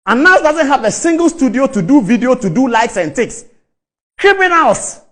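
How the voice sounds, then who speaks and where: A man's voice: very high voice, very animated, a little fast, a bit bright. A middle-aged man with a Ghanaian English accent giving impassioned, scornful commentary, repeating key words for emphasis.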